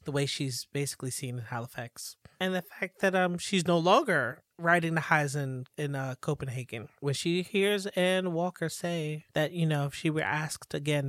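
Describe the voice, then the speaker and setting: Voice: medium pitch, a bit bright, dry recording, clean studio sound. A co-host talking through a show recap in casual chat, rambling and joking. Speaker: podcast co-host.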